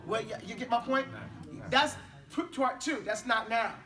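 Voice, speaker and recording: A man's voice: very high-pitched, normal speed, far from the mic. A man teaching an Arabic class in a casual, chatty way. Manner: casual, mixes English and Arabic drills.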